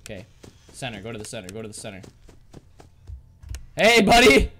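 A man's voice: lowish voice, steady tone, racing, noisy background. A man doing let's-play commentary, frantic and swearing as he barks orders at the game. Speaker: gamer.

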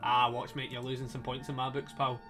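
A man with a mid-range, level voice speaks fairly quickly, sounding slightly strained, as he casually commentates a story game on stream. Faint soundtrack music runs underneath while he jokes with chat, laughs a lot, and swears freely.

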